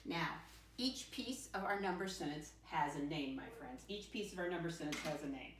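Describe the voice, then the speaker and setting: A woman's voice: sits low, animated, a bit bright, a little hiss or hum. Sing-song teacher woman in a roomy space. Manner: sing-song teacher voice, spells words slowly letter by letter. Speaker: first-grade teacher. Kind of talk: teaching a lesson to young children. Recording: roomy sound with the mic at a distance.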